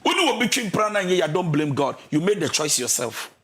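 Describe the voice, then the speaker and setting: A man's voice: high voice, very animated, brisk. A man with a Ghanaian accent giving marriage counselling advice in a preachy, emphatic way, mixing English with Twi. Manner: preachy, mixes English with Twi, emphatic, shouts and sings phrases. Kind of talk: radio counselling talk.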